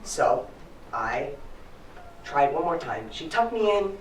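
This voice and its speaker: A man telling a story live with an animated, playful delivery and a voice that rises and falls freely. He sounds distant from the mic in a roomy hall with faint background noise. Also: on the high side, slow.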